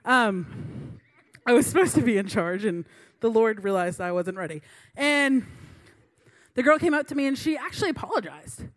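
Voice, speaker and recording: A woman's voice: fairly high pitch, expressive, moderate pace, long pauses. A woman in her late twenties, a youth pastor, giving a sermon in a chatty storytelling way with many fillers.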